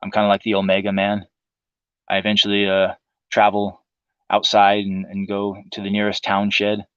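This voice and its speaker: A man's voice: fairly low pitch, completely flat delivery, normal speed, a bit bright, smooth, no room sound, lo-fi sound. A man hosting a livestream, delivering a profane, sarcastic political monologue in a casual ranting manner. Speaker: livestream host.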